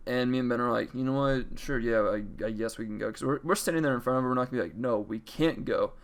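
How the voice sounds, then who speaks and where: A man's voice: mid-range voice, fast talker. Casual young man telling a story. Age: young adult. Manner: casual, profane, chatty retelling; acts out quoted lines in varied voices.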